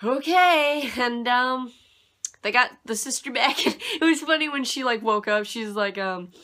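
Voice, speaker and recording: A woman giving a casual, rambling anime review, dismissive and quick to laugh. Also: on the high side, sharp tone.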